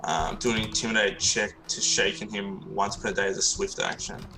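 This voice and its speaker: Bright-voiced tentative male player. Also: lowish voice, moderate pace, faint music behind, rough recording. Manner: tentative, short replies with hesitations. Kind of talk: casual play at a tabletop game.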